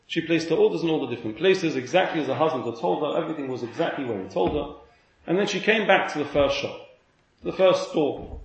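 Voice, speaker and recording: A man, a rabbi telling a story in an animated way and acting out each character's lines. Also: on the high side, vocal fry. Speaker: rabbi giving a talk. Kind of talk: storytelling talk. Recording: roomy hall with faint noise.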